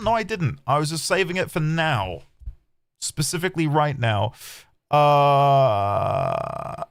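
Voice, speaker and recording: This game streamer has a man's voice on the high side, a bit bright. He chats and rambles casually as he plays, swearing lightly now and then, over background game music.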